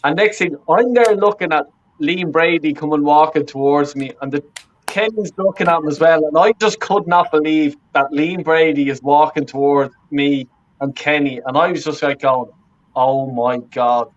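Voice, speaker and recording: Fan-channel interviewer, high voice, dull lo-fi sound, giggly storyteller. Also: male voice, moderate pace, a little hiss or hum. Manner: excitable, laughs a lot, keeps saying "right?". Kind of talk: casual chat.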